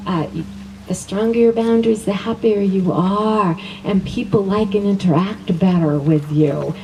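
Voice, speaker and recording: A woman's voice: medium pitch, unhurried, a little mellow. Upbeat woman leading affirmations from afar. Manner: upbeat, repeats each phrase twice, laughs often. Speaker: wellness teacher. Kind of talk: teaching a class, leading spoken affirmations. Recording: voice from a distance with faint background noise.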